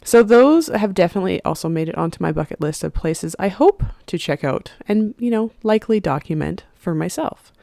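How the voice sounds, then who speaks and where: A woman's voice: on the low side, lively intonation, a little fast, gravelly, warm tone, no room sound, studio quality. A young woman hosting her own podcast, chatting casually and musing aloud, with lots of "you know". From Saskatchewan, Canada. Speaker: podcast host. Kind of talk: casual solo podcast talk.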